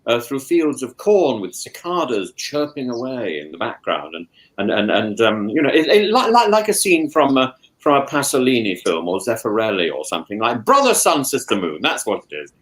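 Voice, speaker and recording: A man hosting a casual talk show, chatting at home. He stumbles over his words and repeats them. His voice swings widely up and down in pitch as he talks. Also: normal speed, poor audio. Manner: stammering, repeats words, animated asides. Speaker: podcast host, professor. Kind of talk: casual chat. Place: home in lockdown.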